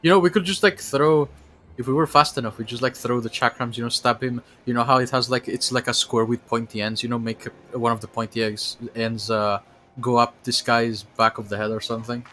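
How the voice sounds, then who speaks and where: Brisk and steady, a man of medium pitch with a pushed, bright voice rambles casually while streaming a video game. His commentary is full of fillers and restarts, and a little hiss or hum can be heard.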